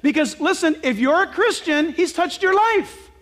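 A male pastor preaching a sermon in an animated way, asking rhetorical questions and breaking into sudden shouts. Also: very high-pitched, moderate pace.

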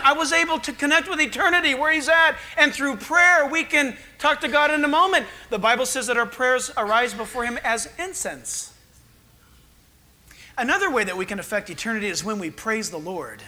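A man's voice: very high-pitched, sharp tone. A man, a pastor preaching a sermon, telling stories with acted-out voices and laughter.

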